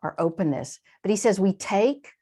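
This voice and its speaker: A woman guest in an interview, explaining in a lively conversational way, with quick asides and frequent shifts in emphasis. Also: medium pitch. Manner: animated, warm-hearted explaining with quick asides and laughs. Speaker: translator and guest.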